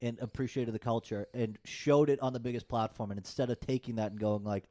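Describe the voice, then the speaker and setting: A man's voice: mid-range voice, fairly even intonation, brisk, dark tone. A man, co-hosting a casual podcast chat and ranting heatedly with plenty of swearing. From United States. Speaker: podcast co-host.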